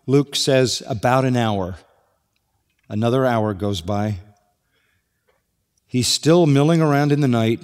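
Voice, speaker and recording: A pastor preaches a sermon, working through a passage verse by verse and posing rhetorical questions. His voice is medium-pitched with a darkish tone, and the recording has long hall reverb.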